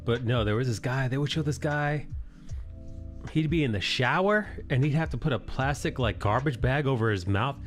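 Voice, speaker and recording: Male stream host, mid-pitched, casual banter, faint music behind. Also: moderate pace. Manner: joking, swears freely, laughs often. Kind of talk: casual chat while drawing.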